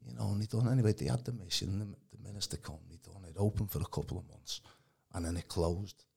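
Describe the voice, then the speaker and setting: A man telling his personal testimony in a casual, animated way. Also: low-pitched, fast talker, gravelly, slightly rough. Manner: animated, acts out quoted voices, calls the host mate. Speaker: guest giving testimony. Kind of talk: casual storytelling.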